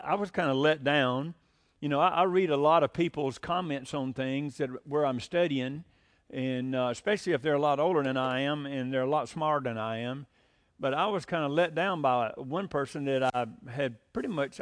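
A man preaching a sermon in a conversational way, with frequent fillers, rising to emphatic bursts when quoting scripture. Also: a little high. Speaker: pastor.

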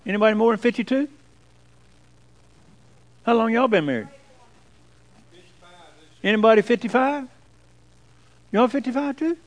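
A man's voice: very high-pitched, animated, normal speed, long pauses, muffled recording. A man, a pastor giving a folksy, joking sermon to his congregation in church. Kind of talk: sermon with jokes.

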